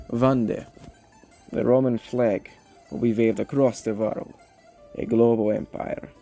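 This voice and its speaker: A man voicing a zealous male Russian imperial theocrat in a put-on Russian accent, grave and slow-spoken. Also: mid-range voice, vocal fry, dark tone. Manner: solemn, menacing declamation. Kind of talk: role-play character monologue.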